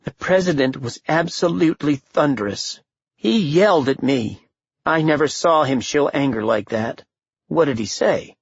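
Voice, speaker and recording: A man's voice: a little high, expressive, normal speed, slightly rough, no room sound, voice pushed up. A man reading an audiobook, voicing a rattled female senator whose voice quavers with anxiety, from a slightly dull recording. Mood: shaken, indignant. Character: defiant female senator, anxious and shaken.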